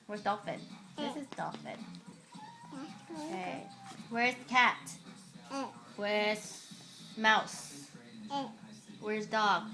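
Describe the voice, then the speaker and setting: A woman reading a picture book to a toddler at home, asking patient, repetitive quizzing questions. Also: medium pitch. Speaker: parent.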